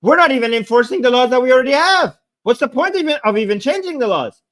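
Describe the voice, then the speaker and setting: This political commentator's voice is very high-pitched and a bit bright, with lively intonation and a fast pace. He gives his viewers a heated, sarcastic reaction rant, agitated, repeating points and getting louder.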